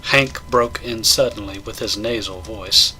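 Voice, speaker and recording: A man doing a measured, dramatic audiobook-style reading of a horror tale. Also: fairly low pitch, bright, forceful tone, slight background noise. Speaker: narrator.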